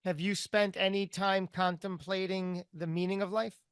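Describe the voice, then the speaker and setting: A man's voice: high-pitched, level tone, normal speed, a bit bright, smooth, no room sound. A man hosting an interview show, effusive and upbeat as he wraps up and thanks his guest. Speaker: podcast host. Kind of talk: interview and promo outro.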